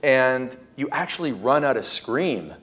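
Guy on a podcast, mid pitch voice, tells stories with a lot of energy, acts out quotes. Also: unhurried. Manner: animated, acts out his own quotes and screams. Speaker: podcast guest, entrepreneurship coach. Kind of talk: casual interview storytelling.

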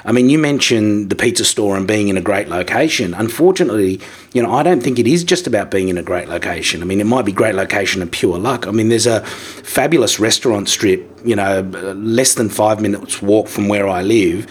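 A man co-hosting a podcast, making thoughtful, measured remarks before turning to his guest with a question. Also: fairly low pitch, breathy edge. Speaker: podcast co-host. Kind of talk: conversational podcast talk.

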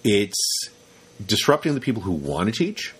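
A man's voice: fairly low pitch, sing-song, moderate pace, slightly rough. A man hosting a casual podcast chat, rambling with many restarts and acting out what his students say. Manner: rambling, repeats words, acts out quoted students. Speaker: podcast host and rope teacher.

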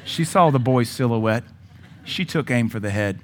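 A middle-aged male pastor preaching a sermon, with forceful rises in volume and sudden quiet drops. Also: mid-range voice, expressive, moderate pace, a little hiss or hum.

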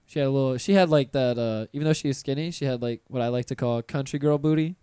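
A man in his twenties hosts a podcast in a laid-back, easygoing way and laughs along with his guest. His voice is smooth and clear, at a middle pitch for a man. The recording is dry and close. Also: fast, warm tone, no echo. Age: 20s. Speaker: podcast host. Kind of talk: casual chat.

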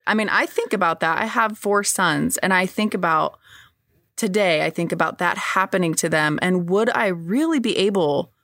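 A woman's voice: on the low side, moderate pace, a bit bright, no room sound, studio quality. A woman, a podcast guest, telling her personal testimony in an earnest, reflective way.

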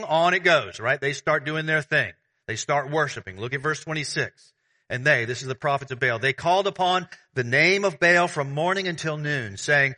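A man preaching a sermon as pastor, conversational and animated, with everyday analogies. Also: fairly high pitch.

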